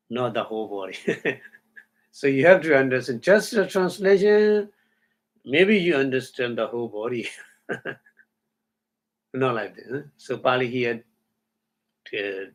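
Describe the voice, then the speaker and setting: With a mid-range voice and lively intonation, a man teaching meditation gives a Buddhist dharma talk in a halting way. He chants Pali terms, then explains each, pausing to check in with listeners through short hums and questions.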